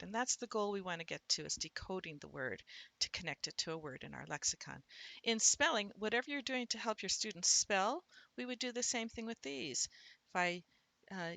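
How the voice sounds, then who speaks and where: A woman teaching reading, explaining words step by step and sounding them out slowly as she thinks aloud. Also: mid-range voice, vocal fry, sharp tone, dry recording. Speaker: literacy instructor.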